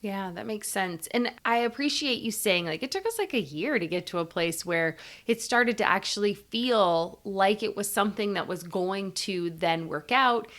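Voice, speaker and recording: A woman's voice: medium pitch, lively intonation, normal speed, hardly any pauses, a bit bright. A woman hosting a podcast, agreeing and reflecting casually, with fillers like "you know" and "like". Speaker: podcast host.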